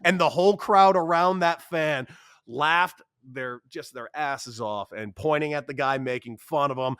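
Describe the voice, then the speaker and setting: A man in his thirties, a podcast guest telling a story in a casual, animated way, acting out quotes with sudden jumps in voice. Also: measured pace, clean tone, no echo, studio quality. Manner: animated, acts out quotes with big pitch jumps. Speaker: podcast guest, former baseball player.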